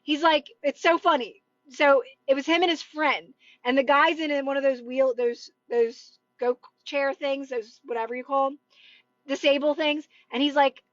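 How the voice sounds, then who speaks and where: High-voiced chatty woman on a phone livestream. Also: fairly even intonation, moderate pace, dry recording, faint music behind. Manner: chatty and rambling, full of "like" and "right?". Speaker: manifestation coach. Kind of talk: casual livestream chat with viewers. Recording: dull, dry phone livestream audio.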